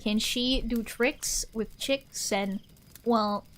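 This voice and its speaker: A woman's voice: on the high side, drawn-out words. A young woman streamer chatting casually with her live audience, rambling and answering chat aloud.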